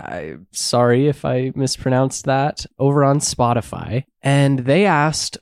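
A man's voice: medium pitch, darkish tone, no room sound. A man hosts a casual science podcast, sounding stuffed-up and nasal from a lingering cold. He talks in a chatty, friendly way, tossing in little apologies as he goes. The recording is close and dry, with no room sound. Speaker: podcast host.

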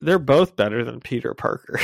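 A man's voice: medium pitch, lively intonation, normal speed, vocal fry, dry recording. A man co-hosting a podcast in casual chat, recapping a comic and laughing often. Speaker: podcast co-host.

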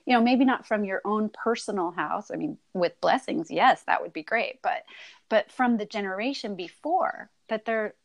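A middle-aged woman who is a guest on a podcast, speaking in a gentle, affectionate, chatty way. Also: medium pitch, animated, moderate pace, vocal fry. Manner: gentle and affectionate, with soft laughs and sympathetic responses. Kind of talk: casual conversational interview.

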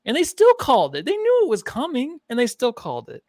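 A man's voice: extremely high pitch, wildly swooping pitch, fast talker, darkish tone, no echo, studio quality. A man hosting a casual sports podcast, joking around and swearing freely. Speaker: podcast host.

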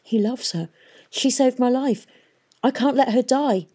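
A woman's voice: high-pitched, a little slow, warm tone, husky, pitched above the performer's own voice. A woman voicing a fierce, blunt young woman who calls out urgently. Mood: torn.

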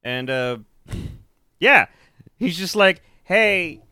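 A man's voice: mid-range voice, lively intonation, a little fast, sharp tone, clear, resonant tone, dry recording, clean studio sound. A man co-hosting a podcast, casually recapping a movie, laughing and jumping into raised voices when he quotes the characters. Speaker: podcast co-host.

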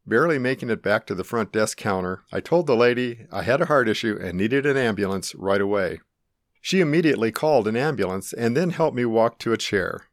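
A middle-aged man calmly and earnestly narrating his own life-or-death experience in the first person. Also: fairly low pitch, no echo, clean studio sound. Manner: calm, earnest, reflective.

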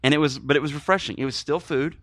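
A man co-hosting a movie podcast, chatting in an animated, joking, rambling way. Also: fairly high pitch, fast, dry recording. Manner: animated, jokey, rambling with food analogies. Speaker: podcast co-host. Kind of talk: casual movie podcast chat.

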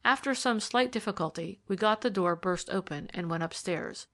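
Woman narrator for an old mystery novel, steady and measured, mid-range voice. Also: medium pitch. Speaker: audiobook reader. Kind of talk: scripted narration.

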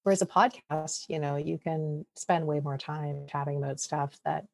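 A middle-aged woman with a very low voice and a gravelly, fry-laden edge, chatting as a podcast guest. She tells her stories with animated energy, stumbling and restarting as she goes. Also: moderate pace. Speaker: podcast guest, media expert. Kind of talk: casual interview chat, storytelling.

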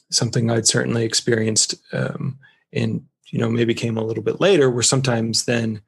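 A man's voice: medium pitch, creaky, husky. A man talking earnestly and reflectively in a casual podcast conversation. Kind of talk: casual conversation about intimacy.

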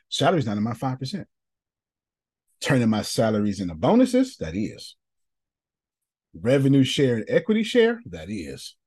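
Man, motivational podcast host, lively swooping voice, husky tone, dry close sound. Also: medium pitch, no room sound. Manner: preachy, animated, addresses listeners by name. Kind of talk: motivational talk to a live group.

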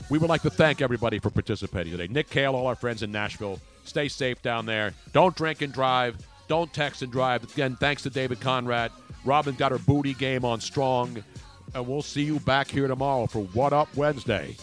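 An older man hosting a radio show, telling stories in gruff banter that sometimes sinks to a mumble. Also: medium pitch, brisk, soft background music. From Philadelphia. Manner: gruff, storytelling, drops to a mumble. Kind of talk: casual studio banter.

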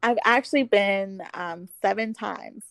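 A young woman in her twenties, a podcast guest, chatting casually and acting out her stories with lively quoted voices. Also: medium pitch, unhurried, vocal fry, no room sound. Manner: animated storyteller acting out quotes, giggly. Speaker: podcast guest, former pro cheerleader. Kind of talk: casual chat.

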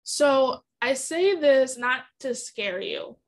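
Young woman, high voice, podcast host, earnest, candid, emotional personal story. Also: expressive, slow pace.

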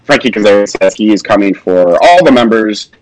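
A man co-hosting a casual wrestling recap podcast, animated and self-mocking, his voice jumping up in pitch when something amuses him. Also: a little fast, no echo, rough recording. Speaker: podcast co-host. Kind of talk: casual chat.

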